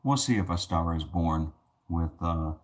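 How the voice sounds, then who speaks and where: A man with a very low voice rambles through a casual vlog monologue. He leans on fillers and restarts, wandering from thought to thought. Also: lively intonation, measured pace. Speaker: vlogger.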